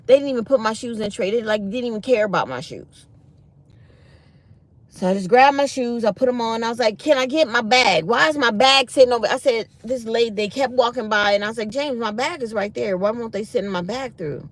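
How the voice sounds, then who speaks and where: A woman's voice: on the high side, a little fast, no echo. A middle-aged woman hosts her own channel and chats casually with her viewers. She tells a story with mounting exasperation and acts out every back-and-forth in the quoted voices. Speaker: channel host.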